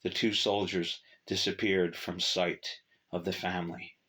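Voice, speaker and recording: A man narrating a short story in a measured, steady reading. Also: deep voice.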